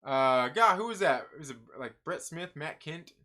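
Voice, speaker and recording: Brief Man, live-stream comics host, bright tone, loose and profane, laughs a lot. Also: fairly high pitch, animated, moderate pace. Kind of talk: casual live-stream chat.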